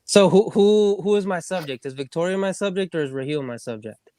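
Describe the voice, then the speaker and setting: A man's voice: sits high, animated, brisk, mellow, dry recording. A man co-hosting a casual podcast over his phone, joking and teasing. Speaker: podcast co-host. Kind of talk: casual chat.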